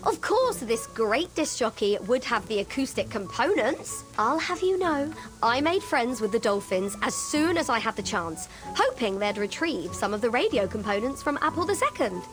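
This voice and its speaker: An actress voicing a boastful, excitable woman radio disc jockey in a game. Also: on the high side, moderate pace, hardly any pauses. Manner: boastful, bubbly. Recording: game audio with loud music.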